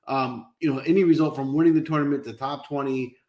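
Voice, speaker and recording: A man's voice: medium pitch, steady tone, fast, a little mellow. A man giving fantasy golf picks in a casual live chat, confident and conversational. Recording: roomy echo.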